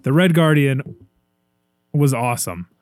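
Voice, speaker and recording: A man's voice: medium pitch, animated, a little slow, darkish tone, dry recording. A man chatting casually as co-host, enthusiastic and acting out quoted lines from scenes. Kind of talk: casual chat.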